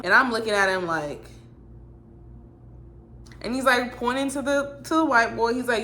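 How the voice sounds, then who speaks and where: A woman telling a storytime vlog in a blunt, animated, exasperated way. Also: fairly high pitch, measured pace, long pauses, slight background noise. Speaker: vlogger.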